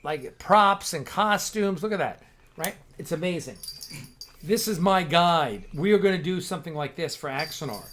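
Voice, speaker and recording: Male livestream host, slightly high voice, rambling and excited, casual chat. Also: moderate pace, slight background noise. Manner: rambling, enthusiastic, lots of restarts. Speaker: host of a fan-film livestream.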